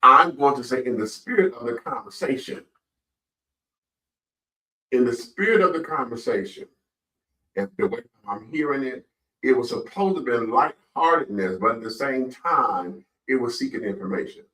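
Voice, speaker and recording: A man's voice: mid-range voice, animated, normal speed, bright, forceful tone, echoey room, distant mic, low-quality recording. A man hosting a casual radio talk show, speaking emphatically and repeating himself. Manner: emphatic, repetitive, says "child" often.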